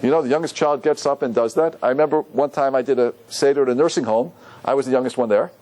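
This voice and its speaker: A rabbi giving a lively Torah class to an audience, often asking them questions. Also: male voice, mid-range voice, fast. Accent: Ashkenazi Hebrew pronunciation.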